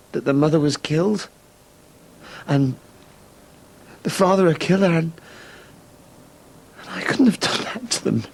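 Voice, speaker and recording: An actor playing a guilt-ridden father in a TV soap, speaking gravely and remorsefully. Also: medium pitch, close to an everyday voice. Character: middle-aged father, guilt-ridden, resigned. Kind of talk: TV soap drama acting.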